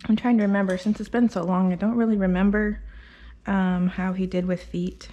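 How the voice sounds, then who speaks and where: A woman dog groomer talking casually as she works in her grooming salon, rambling with fillers and slipping into a soft sing-song voice to coax the dog. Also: mid-range voice, steady tone, normal speed. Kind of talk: casual narration while working.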